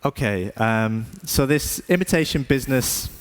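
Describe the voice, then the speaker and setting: Man, artist on stage, slow delivery, thoughtful, self-deprecating, hesitant fillers. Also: medium pitch, animated, clear, resonant tone. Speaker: artist giving a talk. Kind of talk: stage talk.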